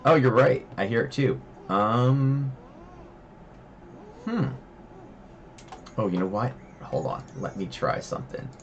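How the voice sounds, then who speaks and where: Guy streaming from his desk, deep voice but bounces around a lot, rambly and casual. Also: a little hiss or hum. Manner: rambling, chatty, many fillers. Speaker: trading stream host. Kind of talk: casual livestream chat. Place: home desk.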